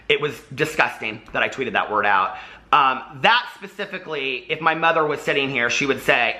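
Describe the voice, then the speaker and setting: A man in a vlog who explains himself in a halting, earnest way, with many fillers. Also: fairly high pitch, pushed and bright. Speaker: vlogger explaining old posts. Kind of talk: apology video monologue.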